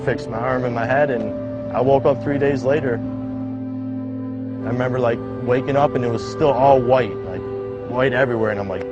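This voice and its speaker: A man's voice: medium pitch, muffled recording. Young man telling his story casually over music. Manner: casual, halting, heavy use of "like". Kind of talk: documentary-style personal account. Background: background music.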